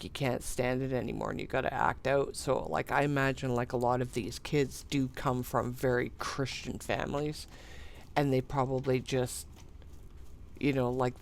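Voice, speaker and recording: An adult streamer talks slowly and unhurriedly, drifting from one anecdote to the next while playing. The voice sits at an ordinary middle pitch. Laughs, sighs and mild swearing keep it loose and conversational. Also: slight background noise. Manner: meandering, chuckling, sighing, mildly profane. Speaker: gaming streamer. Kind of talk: casual rambling storytelling while playing.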